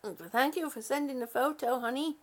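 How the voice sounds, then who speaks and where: A woman's voice: high-pitched, normal speed. A worn-out, sleepy woman hosting a casual live stream, reading out viewer comments in a rambling, giggly way. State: exhausted, sleepy.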